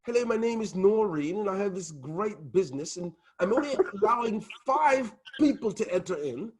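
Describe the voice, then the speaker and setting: A man's voice: sits high, expressive, normal speed, a crowd in the background, low-quality recording. A man playing a genteel English businesswoman who offers tea, in a prim, playful, exaggerated manner over a video call.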